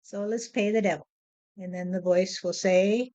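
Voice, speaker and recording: Woman with a slow, measured spiritual voice. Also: medium pitch, steady tone, warm tone, dull audio. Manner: slow, measured, repeats "you see". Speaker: spiritual medium. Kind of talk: spoken spiritual monologue. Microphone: handheld voice recorder.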